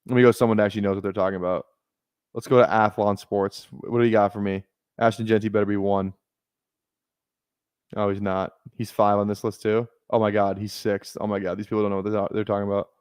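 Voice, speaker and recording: A man's voice: lowish voice, brisk, dry recording. A young man casually commenting on a live fantasy football draft stream, rambling, repeating himself and swearing freely.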